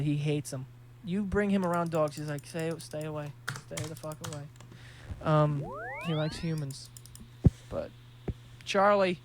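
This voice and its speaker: A man's voice: a little high, a little hiss or hum. A young man hosting a podcast, telling rambling, profane, joking stories in casual chat. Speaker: podcast host.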